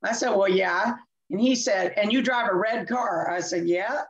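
A woman guest tells a candid story from her own life in an animated way. She laughs often and acts out both sides of the dialogue. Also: medium pitch, moderate pace, dull audio. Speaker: interview guest.

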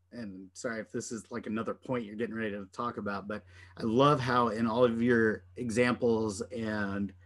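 Male host, casual, eager, rambles with playful jumps in pitch. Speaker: webinar host. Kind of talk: casual conversation.

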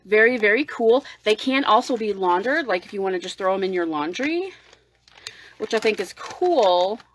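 A woman talks through a makeup unboxing at her desk in a casual livestream. She gushes with excitement, and her pitch jumps all over the place. Now and then she drops to a hushed whisper. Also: normal speed, poor audio. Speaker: beauty vlogger.

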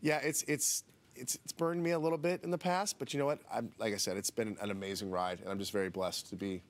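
A man's voice: lowish voice, fairly even intonation, quick pace. A man in his forties, a reality TV guest chatting casually in a TV studio interview, rambling with restarts and turning emotional about family.

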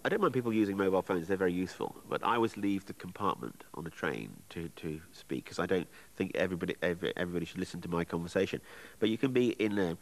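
Mocking man with a lively voice. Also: low-pitched, very fast. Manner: mocking, mimics people on phones. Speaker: interviewee. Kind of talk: comic anecdote.

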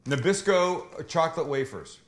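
A man's voice: fairly high pitch, lively intonation, moderate pace, fairly bright tone. A man hosting a casual cooking livestream from a kitchen, joking with his crew and swearing loosely. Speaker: cooking show host.

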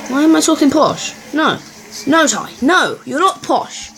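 A woman giving excitable, chatty commentary while playing a football video game, cheering and muttering by turns. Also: medium pitch, normal speed, background noise. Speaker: gaming channel host. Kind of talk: live gameplay commentary.

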